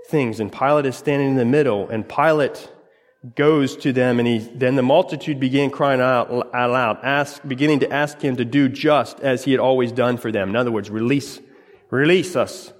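A man's voice: medium pitch, moderate pace. A male pastor delivers a sermon in church, retelling a scripture story dramatically. His voice sits in a middle register and comes in short, broken phrases. A long reverb from the large hall trails after each line.

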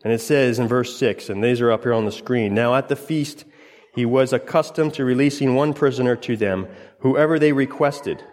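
A man's voice: medium pitch, normal speed, darkish tone. A male pastor delivers a sermon in church, retelling a scripture story dramatically. His voice sits in a middle register and comes in short, broken phrases. A long reverb from the large hall trails after each line.

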